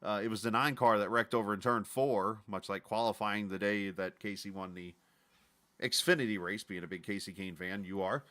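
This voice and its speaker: A man hosting a sim racing broadcast, interviewing the winner in a chatty, halting way with easy jokes. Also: lowish voice, steady tone, bright, forceful tone. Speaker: broadcast host.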